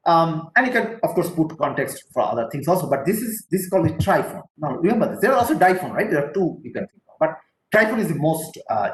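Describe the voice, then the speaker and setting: A middle-aged man with an Indian English accent giving a technical lecture, explaining step by step and checking in often with "right?". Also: on the high side. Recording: roomy echo with faint ambience.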